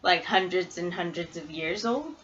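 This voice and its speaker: A woman's voice: on the low side, moderate pace, a bit bright. A woman playing a tabletop game who asks probing questions about the clues. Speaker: player. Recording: lo-fi audio with faint hiss.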